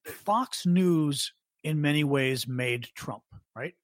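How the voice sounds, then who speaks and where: A man's voice: on the high side, slow, no room sound, studio quality. A man co-hosting a podcast, reacting often with short interjections in casual political chat. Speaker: podcast co-host.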